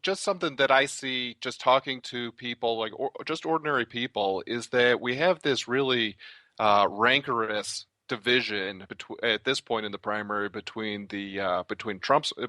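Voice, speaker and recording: Bright-toned male radio guest. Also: mid-range voice, moderate pace, no room sound. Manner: thinking aloud, with frequent restarts. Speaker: guest political commentator. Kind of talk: radio interview answer.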